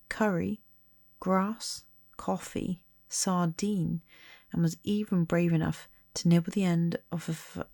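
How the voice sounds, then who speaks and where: A woman reading a storybook aloud in a soft, slow ASMR manner, partly whispered. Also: fairly low pitch, creaky, dry recording, clean studio sound. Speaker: storybook reader.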